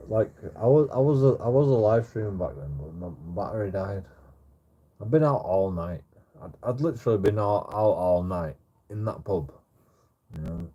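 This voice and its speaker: A man's voice: on the low side, warm tone, slightly rough, muffled recording. A man telling a rambling story in casual chat, stammering over repeated words and swearing a lot. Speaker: streamer. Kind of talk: casual anecdote.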